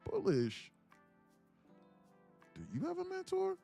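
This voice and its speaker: Hosting a live day-trading stream, a man speaks slowly with vocal fry, his lively pitch jumping up and down. His delivery is slangy, casual street talk as he preaches and throws rhetorical questions at viewers. Soft music plays in the background.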